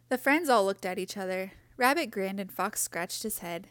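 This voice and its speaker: Woman, storybook read-aloud, gentle and expressive, mid pitch, dry close sound. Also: moderate pace, hardly any pauses, no echo. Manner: gentle expressive reading with character voices. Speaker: picture book reader.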